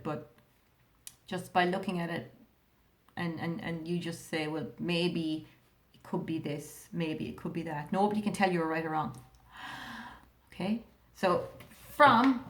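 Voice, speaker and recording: An Irish primary school teacher gives a recorded remote reading lesson to a young class, her voice at an everyday middle pitch. Patient, she sounds out words slowly and keeps asking the children questions, her voice ringing a little in an echoey room.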